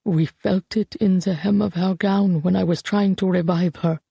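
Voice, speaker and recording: A narrator voicing a guilt-ridden elderly man who pleads in a shaky, rasping, halting voice. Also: mid-range voice, fairly even intonation, mellow, no room sound. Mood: tearful.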